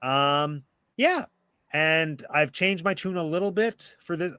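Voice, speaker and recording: A man's voice: a little high, lively intonation, slow pace, sharp tone, clean tone, no room sound. A man in his late thirties hosting a casual live discussion over a video call, chatty and full of fillers. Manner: chatty, uses many fillers. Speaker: podcast host.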